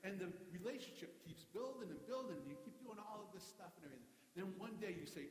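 A male pastor preaching a conversational, animated sermon, often repeating words as he builds a point. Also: sits high, quick pace, hardly any pauses. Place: church sanctuary. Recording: echoey hall with faint hiss.

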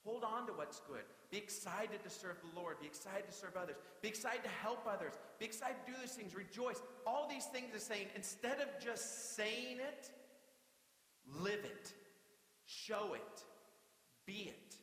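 Bright-voiced preacher in an echoey hall. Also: male voice, high voice, a little slow. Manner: energetic, conversational preaching with playful asides. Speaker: pastor. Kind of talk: sermon. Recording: echoey hall with long reverb.

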